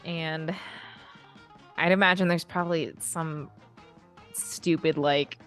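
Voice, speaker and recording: A woman narrating as game master in a tabletop role-playing game, relaxed with dry humor. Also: sits low, slow pace, soft background music.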